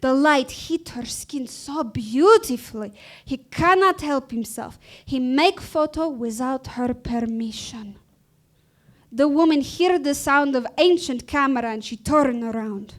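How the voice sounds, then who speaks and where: A woman narrates comic fables in broken English. Her voice is high, and she speaks slowly and deliberately, in a dry, mock-solemn way. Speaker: storyteller persona of a forest hag.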